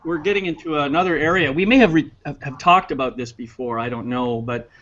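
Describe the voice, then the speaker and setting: A man's voice: on the high side, fairly quick, fairly bright tone. A man co-hosting a casual conversation, speaking in an earnest, reflective way and laughing easily. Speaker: co-host. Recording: dull lo-fi sound.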